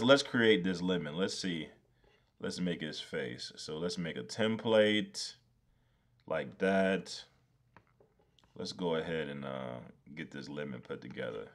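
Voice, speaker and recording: A man live-streaming his design work, talking to himself as he goes, swearing freely and laughing when things go wrong. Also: sits low. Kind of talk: casual live-stream commentary.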